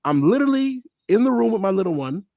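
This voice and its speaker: A man in his thirties co-hosting a casual podcast chat, talking in an excitable, joking way and telling stories. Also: high-pitched, fast talker, no room sound, dull audio. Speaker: podcast co-host.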